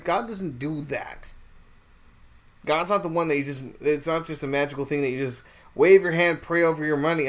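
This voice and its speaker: A man hosting a podcast, talking about faith in a rambling, indignant way with many restarts. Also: a little high. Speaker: podcast host.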